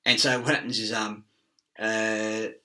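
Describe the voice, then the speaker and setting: Brief: middle-aged man, bright edgy tone, swearing, laughing, riffing on word origins, sitting back from the mic. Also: lowish voice, level tone, a little slow, distant mic. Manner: profane, laughing, chasing wordplay and word origins. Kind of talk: rambling monologue.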